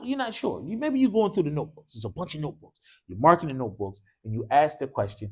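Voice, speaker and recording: Animated male Arabic teacher. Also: sits high, brisk. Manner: animated, quizzing the class with repeated "what?" prompts; mixes English with short Arabic phrases. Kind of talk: classroom Arabic lesson with call-and-response drilling. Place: mosque classroom.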